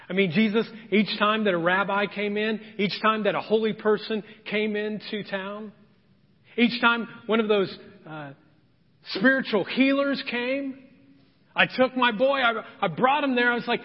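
A pastor with a high-sitting voice preaches a sermon at a measured pace, dramatically acting out the voices of the people in his story. He's in a church sanctuary, and the recording has a dull, long church reverb.

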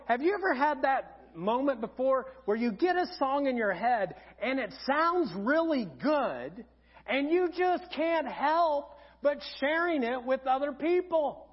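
A man preaching a sermon as pastor, telling humorous stories in an animated way in a church auditorium. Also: extremely high pitch, measured pace. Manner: humorous storytelling, animated and lively. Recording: dull sound in a reverberant auditorium.

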